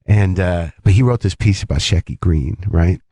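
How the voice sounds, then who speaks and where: A man, a comedian and podcast host, telling an animated, rambling story as a guest on a talk radio show, often cutting himself off mid-sentence. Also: sits low, normal speed, slightly rough, no room sound. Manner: rambling, animated, self-interrupting.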